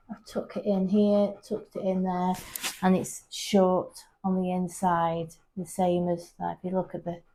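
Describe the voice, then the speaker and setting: A woman's voice: warm tone, a little hiss or hum. Chatty woman grooming a dog. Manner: chatty, explanatory, talks to the dog in a high coaxing voice. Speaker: pet groomer. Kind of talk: casual vlog narration while grooming. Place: grooming salon, indoors.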